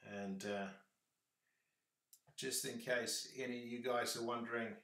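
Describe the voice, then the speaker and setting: A man's voice: mid-range voice, fairly even intonation, measured pace, gravelly, long pauses, fairly bright tone, roomy sound. A man with a New Zealand accent chatting casually on a livestream, rambling with lots of fillers.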